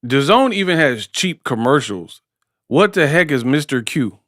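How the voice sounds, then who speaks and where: A man's voice: on the high side, big pitch swings, unhurried, a bit bright, dry recording, clean studio sound. A man giving casual watch-party boxing commentary in a slangy, joking way. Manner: slangy, joking, breaks into impressions.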